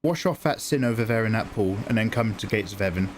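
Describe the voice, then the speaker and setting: A man voicing a calm, reassuring old gatekeeper of heaven in a gentle, patient way. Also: on the low side, fast, a little hiss or hum, lightly acted.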